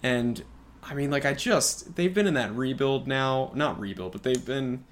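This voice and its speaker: A man with a mid-pitched voice co-hosts a casual sports podcast. He talks in a hesitant way and often stops to restart with an um or a like. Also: measured pace. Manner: hesitant, many fillers and restarts. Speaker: podcast co-host.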